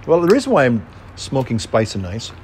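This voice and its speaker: An older man chatting casually to his viewers, unhurried, humming contentedly between phrases. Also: medium pitch, wildly swooping pitch, a little mellow, slight background noise. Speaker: pipe-smoking vlogger. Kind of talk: relaxed casual chat to viewers. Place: outdoors on a veranda deck.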